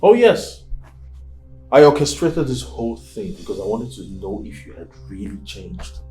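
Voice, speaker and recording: Casting: man as contemptuous blackmailer, Nigerian English accent, lowish voice, soft music under. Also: animated, a little slow. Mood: scornful. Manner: contemptuous, accusing. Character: scornful blackmailing young man. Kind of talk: film drama acting. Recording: film soundtrack with music.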